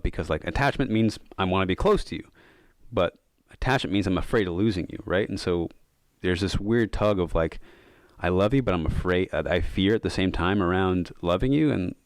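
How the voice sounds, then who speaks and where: A man with a very deep voice, recorded close and dry, talks through his ideas as a podcast guest. He tells stories in a loose, thoughtful way, often saying "like" and "um". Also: no room sound. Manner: thoughtful, many fillers of "like" and "um". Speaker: podcast guest, yoga and meditation coach. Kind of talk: casual reflective storytelling.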